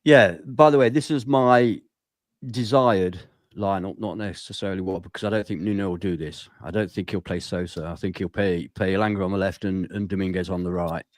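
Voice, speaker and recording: A man in a casual football chat, talking in a relaxed, confident way. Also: low voice, brisk, no room sound, clean studio sound.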